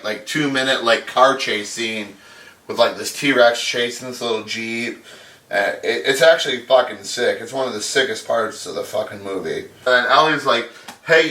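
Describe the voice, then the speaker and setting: A man's voice: medium pitch, pushed and bright, distant mic. Crude, sarcastic man in an echoey room. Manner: crude, sarcastic, swears constantly. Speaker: podcast host. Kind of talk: profane comedic movie recap.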